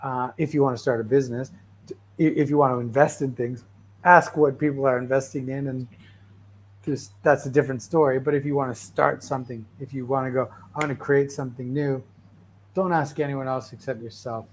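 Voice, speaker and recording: A man's voice: mid-range voice, brisk, a little hiss or hum. A man hosting a casual motivational talk, rambling through stories with constant "right?" and "like" and frequent restarts. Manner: restless, animated storyteller with frequent restarts.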